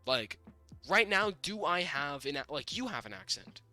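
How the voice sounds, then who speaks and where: A young man from the northern United States talks through a casual podcast chat, circling back with restarts and fillers. His voice is very bright and sits fairly high. He sounds a little under the weather, and faint music plays behind him. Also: sing-song, normal speed. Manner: rambling, lots of restarts and fillers. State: sick. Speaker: podcast co-host.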